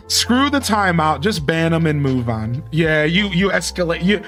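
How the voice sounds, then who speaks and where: A man's voice: on the high side, very animated, moderate pace, hardly any pauses, a bit bright, soft background music. A man live-streaming in a casual, chatty way, talking straight to his viewers. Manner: laid-back, chatty, addresses viewers directly.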